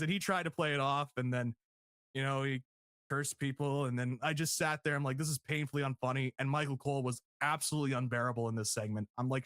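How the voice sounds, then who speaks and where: A man co-hosting a casual podcast review, laughing often and acting out quotes in higher voices. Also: fast talker, fairly bright tone, dry recording, clean studio sound. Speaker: podcast co-host.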